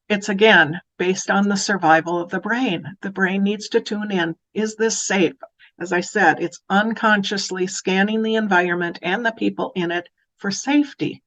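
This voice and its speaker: Female educator, lesson delivery, mid pitch, slightly dull lo-fi recording. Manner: warm, animated when acting out phrases to children. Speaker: early childhood educator. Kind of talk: educational talk.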